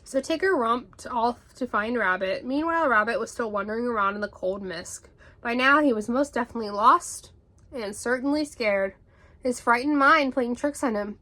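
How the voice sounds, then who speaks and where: A young woman in her twenties reads a bedtime story aloud. Her voice is high and soft, with a gentle storybook pace. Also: normal speed. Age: 20s.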